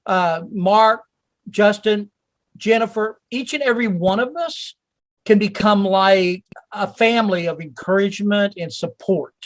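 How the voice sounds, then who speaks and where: A man's voice: high voice, unhurried, dry recording. A man hosting a call-in session who talks to callers by name in an encouraging, rambling way. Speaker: host.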